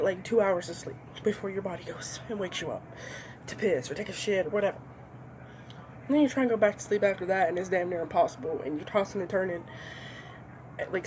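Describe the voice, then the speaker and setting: A woman's voice: mid-range voice, a little mellow, a little hiss or hum. A young woman doing a comedy monologue, ranting with lots of swearing and acting out voices. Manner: profane, ranting, acts out voices.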